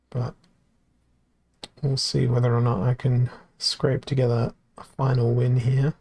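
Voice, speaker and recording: A male streamer with a gravelly, fry-edged voice of middling pitch, talking through his card game live. He is wry and self-deprecating, thinking out loud as he picks his moves. His voice sounds worn, as if he is losing it. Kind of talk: casual live-stream commentary.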